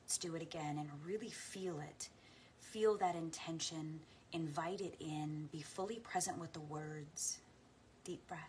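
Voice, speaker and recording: A woman coach guiding listeners through a slow, soft meditation and spoken affirmations. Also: low voice, slight background noise. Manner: laughs into her words when playful. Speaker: spiritual coach. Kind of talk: guided meditation and affirmation practice. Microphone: talking to camera.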